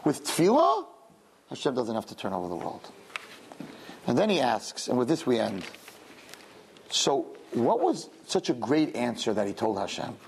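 A woman's voice: rumbling low, moderate pace, gravelly, pauses often, slight background noise. A woman giving a religious lecture to young women, telling stories animatedly and acting out the dialogue. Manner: animated storytelling, acts out dialogue. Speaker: Torah teacher.

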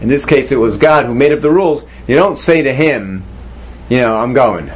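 A man's voice: mid-range voice, animated, normal speed. A man teaching a Torah class, posing questions to his students and mixing Hebrew terms into his explanations. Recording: dull lo-fi recording.

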